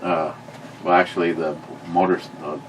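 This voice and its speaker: A man telling a long story in casual chat, often stopping to correct himself and getting animated when he quotes people. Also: sits low, moderate pace, a little hiss or hum, rough recording. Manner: rambling, self-correcting, animated when quoting. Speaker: podcast co-host.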